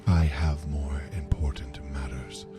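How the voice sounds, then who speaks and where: A man voicing a cold, malicious telepathic mind flayer in a low, slow whisper. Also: fairly even intonation, over loud music. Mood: disdainful.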